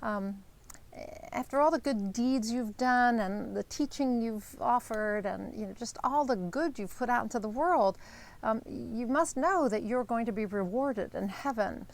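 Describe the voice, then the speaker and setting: A woman voicing a devoted young student at his master's deathbed, asking gently why he grieves. His lines come out a little higher and softer than her usual talk. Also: a little slow, creaky. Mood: consoling. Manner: gently questioning.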